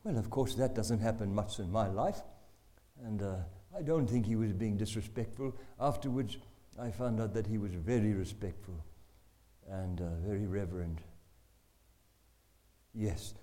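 A man, telling a story in an animated, dramatic sermon. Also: lowish voice, moderate pace. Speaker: preacher.

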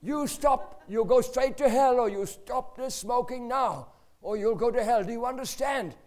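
A man voicing a shrieking small boy who scolds a smoker with a shrill, piercing voice. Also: expressive, measured pace, dark tone, husky.

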